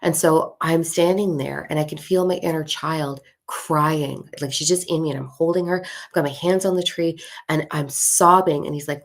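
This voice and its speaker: Her voice sits low and flows at normal speed, barely pausing. A spiritual content creator, she tells her own spiritual story in a relaxed, animated manner, swearing and imitating the people in it.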